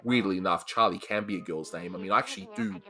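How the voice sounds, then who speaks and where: A man with an Australian accent co-hosts a casual chat reviewing old cartoons, laughing often between filler words. His voice is deep, his pace quick, and his tone sharp.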